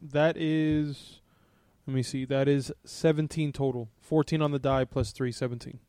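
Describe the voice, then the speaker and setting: A man's voice: mid-range voice, fairly even intonation, normal speed, dark tone, clear, resonant tone, dry recording. A man playing a tabletop role-playing game who jokes around, laughs often and asks a lot of questions about the scene. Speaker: player. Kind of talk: casual tabletop game play.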